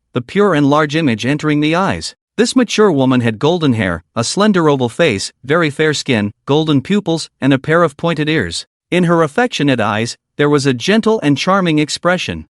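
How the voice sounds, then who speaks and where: Man narrating a story recap; somewhat high, animated pitch, dry booth sound. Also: dry recording.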